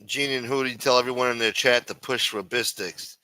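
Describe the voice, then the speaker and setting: A man's voice: medium pitch, fairly even intonation, fairly quick, pushed and bright, dry recording. A man hosting a live stream, ranting and swearing constantly in an irritated, complaining way. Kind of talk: casual profane rant reacting to a stream.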